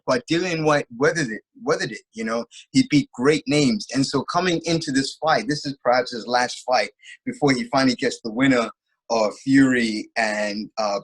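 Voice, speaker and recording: Husky man recapping a fight animatedly. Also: medium pitch, rough recording. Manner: animated storytelling, many filler phrases. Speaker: co-host. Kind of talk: casual fight recap chat.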